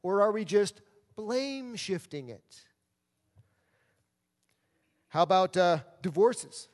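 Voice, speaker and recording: High-voiced preacher in a reverberant hall. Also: male voice, lively intonation, takes it slowly. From New York City. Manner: rhetorical questions, acting out quoted excuses. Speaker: pastor. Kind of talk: sermon. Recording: long reverb of a large hall.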